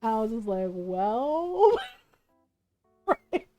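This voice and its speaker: A woman streamer chatting casually while she plays a game, laughing often and retelling a story with lively quoted voices. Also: a little high, moderate pace, dry recording, highs cut off. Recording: dry close mic with faint game music.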